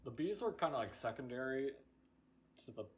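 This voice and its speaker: Young podcast guy, casual, says like constantly, mid-pitched voice. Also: expressive, fairly quick. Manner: rambling explanations full of "like". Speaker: podcast co-host. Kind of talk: casual chat.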